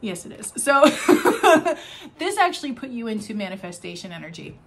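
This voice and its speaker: A young adult woman giving an oracle card reading to camera, gushing and excitable, laughing often and trailing off mid-sentence. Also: medium pitch, fast, creaky, slight background noise. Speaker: tarot card reader.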